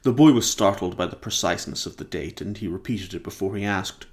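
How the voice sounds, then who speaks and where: A man's voice: low-pitched, fairly quick. A man reading a novel aloud in a casual, plain storytelling manner. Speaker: reader.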